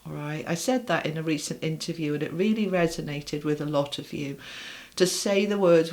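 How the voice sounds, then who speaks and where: A woman's voice: sits low, moderate pace, a little mellow. A middle-aged woman giving a casual tarot reading, chatting to viewers in an upbeat way and speaking straight to them. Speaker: tarot reader.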